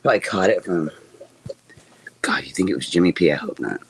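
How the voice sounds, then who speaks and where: A woman's voice: very deep voice, lively intonation, fairly quick, slight background noise. A woman streaming live, chatting casually and joking as she greets viewers by name. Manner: jokey, rambling, greets chat by name.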